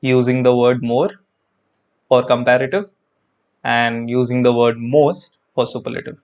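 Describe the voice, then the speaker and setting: A man's voice: mid-range voice, steady tone, unhurried, darkish tone, clean tone, muffled recording. A man teaching an English grammar lesson online, chatty and repetitive, talking straight to his viewers and answering their comments. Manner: chatty, repeats words, talks to viewers.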